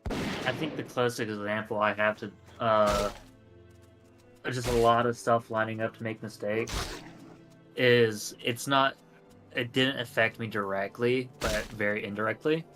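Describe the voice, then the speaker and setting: A man co-hosting a gaming stream, speaking in a measured, explanatory way and working through his points with analogies. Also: fairly low pitch, steady tone, over music. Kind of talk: casual chat while gaming.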